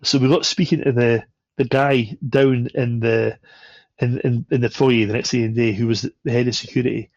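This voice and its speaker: A man's voice: mid-range voice, fairly even intonation, moderate pace, darkish tone, no room sound. A man on a podcast, telling a travel anecdote with swearing and laughter. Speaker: podcast guest. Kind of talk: casual storytelling. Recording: dull, lo-fi sound.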